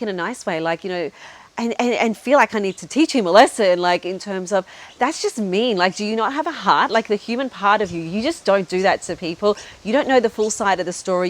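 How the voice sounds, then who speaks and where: A middle-aged woman hosting a podcast, telling a personal story in a chatty, frank way, full of "like" and "you know", now and then swearing. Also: mid-range voice. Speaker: podcast host.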